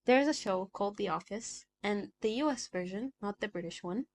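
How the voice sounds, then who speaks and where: A woman's voice: medium pitch, expressive, normal speed, slight background noise. A woman of about twenty chatting casually to camera, full of fillers and checking for agreement as she talks. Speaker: vlogger.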